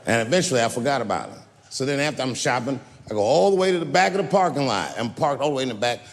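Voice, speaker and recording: A male comedian tells a profane, animated story on stage, his pitch swinging all over the place. His voice rings with a long hall echo, and faint room noise sits behind it. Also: quick pace. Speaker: stand-up comedian. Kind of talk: live stand-up storytelling. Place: live comedy venue. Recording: echoey hall, live show.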